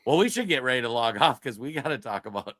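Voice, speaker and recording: A man's voice: mid-range voice, animated, quick pace, fairly bright tone, no room sound. A male podcast co-host in casual political chat who rambles, laughs through his sentences and restarts often.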